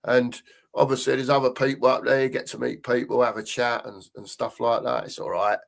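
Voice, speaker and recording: A man's voice: medium pitch, little pitch movement, brisk, vocal fry. Older man, live-stream host; rambling, repetitive, chatty delivery. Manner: rambling, repeats phrases, chatty. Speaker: fan channel host reading live comments. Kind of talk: casual live-stream chat.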